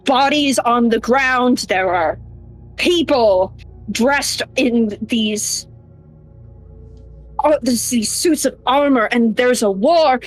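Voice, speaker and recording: A woman voicing a lost, cornered young man who fires off frustrated, whisper-shouted questions in a tabletop game. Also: a little high, husky.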